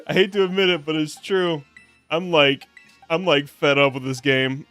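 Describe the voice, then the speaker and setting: A hoarse young man chatting casually while streaming a video game, rambling, joking at himself and laughing often. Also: on the high side, slow pace, a bit bright, no room sound, faint music behind. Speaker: VTuber streamer. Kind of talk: casual gameplay stream chat.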